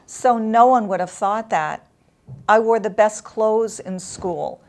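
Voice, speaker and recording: A woman being interviewed shares something painful from her own life, her mid-range voice faltering with emotion. Long silences break up her halting telling.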